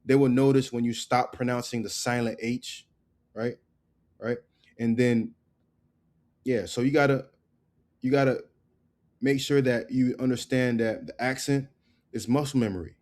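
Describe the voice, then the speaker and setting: A man teaching a casual online language lesson. He drills words slowly and keeps checking in with "right?" and "okay?". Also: mid-range voice, fairly even intonation, darkish tone.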